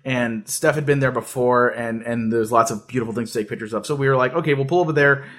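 A man's voice: mid-range voice, fairly even intonation, quick pace, a bit bright. A man hosting a casual podcast, telling a story in a rambling, joking way with lots of fillers and restarts. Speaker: podcast host.

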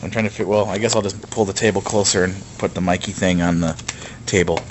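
A man co-hosting a casual podcast, joking and laughing often, with halting fillers. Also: low-pitched, fairly even intonation, slight background noise. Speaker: podcast co-host. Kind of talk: casual chat.

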